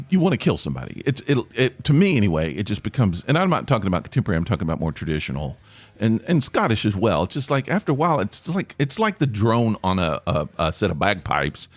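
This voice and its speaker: Speaking in his East Tennessee accent, this man hosts a solo podcast, rambling, making fun of himself, and inviting listeners to send feedback. His voice is medium in pitch, and the recording carries no room sound.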